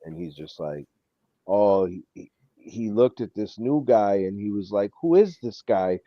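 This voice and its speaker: A man's voice: lowish voice, unhurried, dry recording. A man with a New York accent in a casual chat, telling a story with energy and acting out what other people said. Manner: animated storytelling, acts out quoted people. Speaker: co-host. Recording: dull lo-fi sound.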